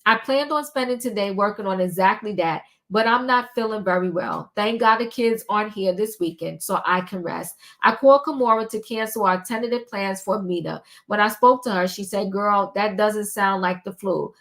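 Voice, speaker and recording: A woman's voice: medium pitch, a bit bright. An older woman talks through a long text in a casual vlog, reading it aloud and stopping often to say um or start a line over. Her voice sits in the middle range for a woman. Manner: halting, with many ums and restarts. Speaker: commentary vlogger.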